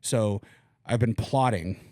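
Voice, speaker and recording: A young man co-hosting a casual podcast, telling a story in a crass, animated way with plenty of swearing. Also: on the low side, slow pace, no echo, studio quality. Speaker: podcast co-host.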